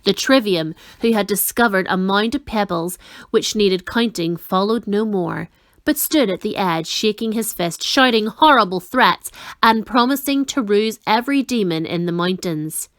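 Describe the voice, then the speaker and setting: A woman reading a children's novel aloud in an expressive storytelling manner. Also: medium pitch, moderate pace, dry recording, studio quality. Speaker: reader.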